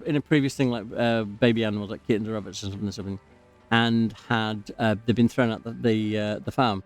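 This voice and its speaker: A man's voice: on the low side, fairly even intonation, quick pace, no echo, soft background music. A man rambling and drifting off topic while giving casual commentary as he plays a game. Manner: rambling, digressive, easily sidetracked. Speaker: gaming channel host.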